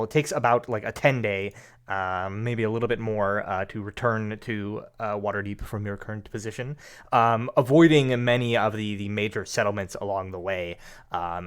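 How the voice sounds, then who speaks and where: A man's voice: fairly low pitch, clear, resonant tone. A man narrating as game master of a tabletop game, hesitant and full of fillers as he talks.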